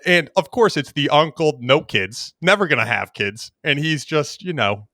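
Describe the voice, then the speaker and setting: A man's voice: fairly high pitch, normal speed, no echo, studio quality. A young man co-hosting a podcast, chatting casually and telling stories with lots of laughter. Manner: animated storytelling, laughing. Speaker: podcast co-host. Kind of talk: casual chat.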